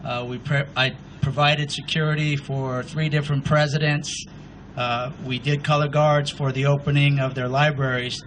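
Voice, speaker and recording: A man's voice: on the high side, flat delivery, moderate pace, fairly bright tone, a little hiss or hum, rough recording. A veteran in his fifties speaking at a memorial ceremony, humble, a little nervous and emotional. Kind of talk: ceremony speech.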